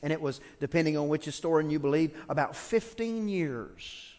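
A man's voice: a little high, animated, moderate pace, a little mellow. A man preaching a sermon as pastor, telling a story in a humorous, conversational way with frequent restarts. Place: church sanctuary. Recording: long church-hall reverb.

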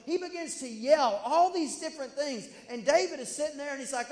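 A man preaching a sermon as pastor, telling a story with animated delivery and acting out the characters' lines. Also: very high-pitched, normal speed, hardly any pauses. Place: church sanctuary. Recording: echoey church hall.

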